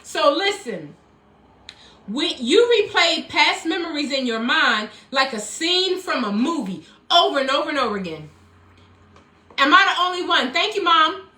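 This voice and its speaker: A woman's voice: high-pitched, very animated, normal speed, pushed and bright. A middle-aged woman, coaching viewers on a live stream in an emphatic, preachy way and thanking commenters by name. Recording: echoey room.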